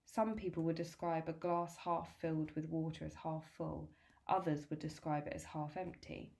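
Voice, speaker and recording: A gentle, loving mother from a read-aloud storybook, as a woman reads her lines. She speaks low and reassuringly, in a plain voice close to the reader's own. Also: fairly even intonation, normal speed, gravelly.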